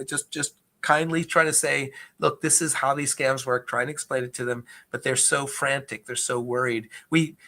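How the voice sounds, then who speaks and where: In a conversational Q&A presentation, a government agency speaker explains investor fraud earnestly, frequently restarting his sentences. His voice is mid-range with a sharp tone.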